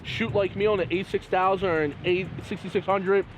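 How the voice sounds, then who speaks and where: A man with a notably high voice talks eagerly in quick bursts. Faint traffic noise comes from outdoors. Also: fairly even intonation, highs cut off. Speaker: photographer friend. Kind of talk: casual chat.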